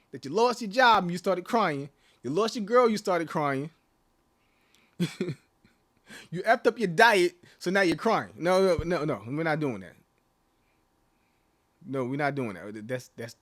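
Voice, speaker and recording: A man's voice: a little high, a bit bright. A young man hosting his channel, ranting to camera in a blunt, profane way and laughing between his points. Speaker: channel host. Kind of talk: casual rant to camera.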